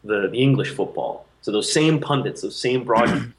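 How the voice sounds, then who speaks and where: A man's voice: mid-range voice, lively intonation, moderate pace, rough recording. A man in casual podcast talk about football media, thinking aloud with frequent ums and restarts. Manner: thoughtful, hesitant with many fillers. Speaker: podcast co-host. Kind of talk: casual chat.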